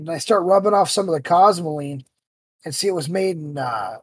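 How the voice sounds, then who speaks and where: A man hosting a podcast, telling stories in a casual, animated way and acting out the voices he quotes. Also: a little high, brisk, husky, dry recording. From United States. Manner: animated storyteller who acts out quoted voices. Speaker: podcast host.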